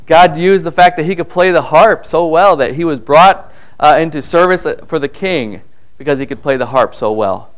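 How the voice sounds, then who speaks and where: A man's voice: on the high side, normal speed. A middle-aged man preaching a conversational sermon in a church, reading verses and acting out little voices to make his point. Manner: conversational, acts out voices in quotes. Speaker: pastor.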